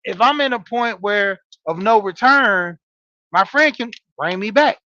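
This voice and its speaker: A man's voice: high voice, expressive, unhurried, sharp tone, dry recording, dull audio. A man in his forties hosting a casual monologue show, telling stories to listeners with lots of fillers. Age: 40s. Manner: storytelling, talking straight to listeners with frequent fillers. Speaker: podcast host and wrestling coach. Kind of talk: casual monologue, greeting live chat.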